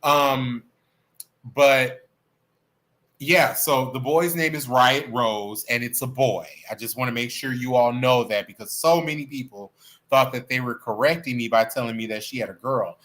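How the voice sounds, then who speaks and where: A man hosting a livestream, chatting in a sassy, animated, playful way about celebrity gossip. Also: medium pitch, a little slow. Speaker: livestream host. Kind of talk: casual celebrity gossip chat.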